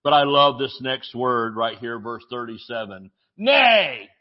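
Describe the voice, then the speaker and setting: A man pastor preaching a sermon, reading scripture with jokes and sudden shouts. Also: mid-range voice, steady tone, normal speed. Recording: dull lo-fi audio.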